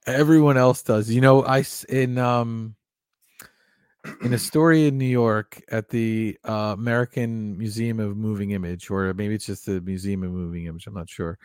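A man co-hosting a podcast, chatting casually and rambling a little with soft asides. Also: lowish voice, fairly even intonation, normal speed, clean tone, dry recording, clean studio sound. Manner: rambling, lots of fillers and restarts, soft-spoken. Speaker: podcast co-host. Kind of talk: casual chat.

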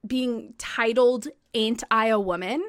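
A woman co-hosting a podcast, telling history in a casual, excitable way, full of "like" and the odd swear. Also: on the high side, takes it slowly, clear, resonant tone. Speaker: podcast co-host.

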